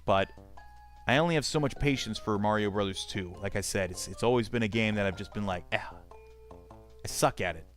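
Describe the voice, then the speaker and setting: Low-voiced, profane male game streamer. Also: fast, faint music behind. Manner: profane, rambling, talks to chat. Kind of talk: casual live-stream commentary, reading chat aloud.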